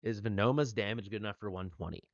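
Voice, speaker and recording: A man's voice: on the low side, quick pace, dry recording, dull audio. A man in casual livestream chat while playing a game, rambling and playful, full of fillers. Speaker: streamer playing a mobile game.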